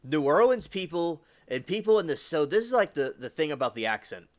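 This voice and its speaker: A man's voice: on the high side, very animated, a little fast. A man from the US South hosting a livestream, rambling casually with lots of fillers and restarts. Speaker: livestream host.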